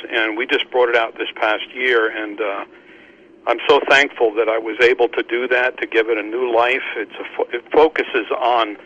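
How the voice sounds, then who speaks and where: A Christian book publisher and podcast host, this medium-pitched man is recorded with the highs cut off. He hosts a casual talk about Christian books, speaking haltingly with frequent restarts, repeated words, and warm laughter.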